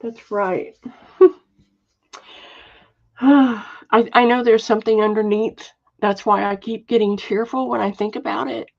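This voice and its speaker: A soft-spoken woman chats her way through a live sale, pausing on fillers as she reads out viewer comments. She talks slowly, in a slightly high voice. The audio is dull and lo-fi, like a home livestream. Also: steady tone, gravelly. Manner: chatty, warm-hearted, reads viewer comments aloud. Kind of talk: casual live selling chat.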